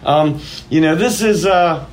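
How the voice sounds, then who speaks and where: A man's voice: on the high side, lively intonation, brisk. A man hosting a wrestling podcast, chatting casually in a rambling, good-natured, self-deprecating way. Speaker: podcast host.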